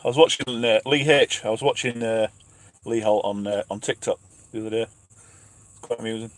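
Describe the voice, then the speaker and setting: A man's voice: lowish voice, little pitch movement, normal speed, no echo. Chatty self-mocking trucker man, dry sound. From England. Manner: chatty, self-mocking, laughs often, reads names aloud. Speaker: truck driver and channel host. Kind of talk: casual live-stream chat reading viewer questions. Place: truck cab parked up at night.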